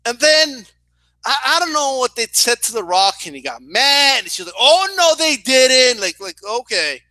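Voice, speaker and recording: A young man telling a story in a casual, animated way, swearing and often asking "right?". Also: extremely high pitch, moderate pace, dry recording. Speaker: boxing and wrestling commentator.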